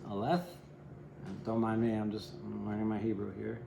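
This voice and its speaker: In an echoey room with a noisy background, a tarot reader gives a loose, rambling reading at normal speed. His fairly low, gravelly voice stays flat as he keeps asking "right?" and slips in wry jokes at his own expense.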